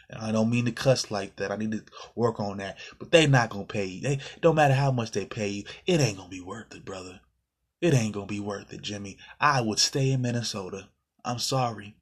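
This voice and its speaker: Man, casual sports commentary, ranting, low voice, slightly husky. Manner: heated ranting, swearing, addressing the player directly.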